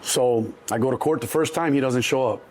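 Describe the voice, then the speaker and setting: A man's voice: mid-range voice, a little fast. A man in his sixties from Chicago, telling stories from his past in a casual interview, acting out the voices of others with many restarts. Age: 60s. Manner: animated storyteller, acts out quoted voices, many restarts. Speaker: interview guest.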